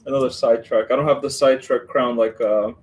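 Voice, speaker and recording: A man's voice: mid-range voice, steady tone, fast talker. A man hosting a live stream, chatting casually and rambling while he builds, greeting viewers by name and laughing at himself.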